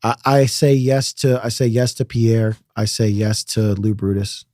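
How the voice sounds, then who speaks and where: A man talking as a guest on a podcast, relaxed and conversational, with a lot of "like" and "dude" in his speech. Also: on the low side, unhurried, dry recording, studio quality. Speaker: guest guitarist. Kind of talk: casual interview chat.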